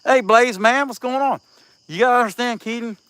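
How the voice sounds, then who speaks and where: A man's voice: extremely high pitch, brisk, fairly bright tone, clear, resonant tone, dry recording, rough recording. A man from Southeast Ohio with a country Appalachian-leaning accent, chatting casually and joking with viewers while he works outdoors. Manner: folksy, joking, reads out viewer names. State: out of breath. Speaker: chainsaw carver livestreaming. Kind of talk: casual livestream chat while working. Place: outdoors at a rural carving spot.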